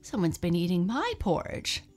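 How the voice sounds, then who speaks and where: A woman's voice: lowish voice, very animated, normal speed, a little mellow, faint music behind. A woman voicing a mommy bear in a storybook reading, firm and a bit indignant. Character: middle-sized mommy bear, fussy.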